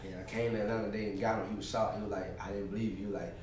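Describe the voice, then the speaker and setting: A man's voice: on the low side, fairly even intonation, very fast, darkish tone, slight background noise. A man, talking casually and with slang as an interview guest. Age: 20s. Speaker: guest, YouTuber. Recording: echoey room, far from mic.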